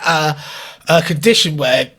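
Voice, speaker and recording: Brief: male co-host, slightly raised pitch, blunt crude banter. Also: unhurried, sharp tone. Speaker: podcast co-host. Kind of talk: casual chat.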